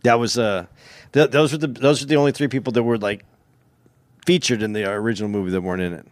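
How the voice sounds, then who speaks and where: Man, podcast co-host, fast talker, halting restarts, dry close sound. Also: medium pitch, no echo. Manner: quick, halting, searches for words. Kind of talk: casual movie chat.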